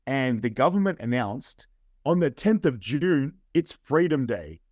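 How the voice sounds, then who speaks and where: A man's voice: mid-range voice, a little slow, no room sound. Chatty Australian man telling stories. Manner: animated anecdotes with "right?" and "I'm like". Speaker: interview guest. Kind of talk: casual storytelling.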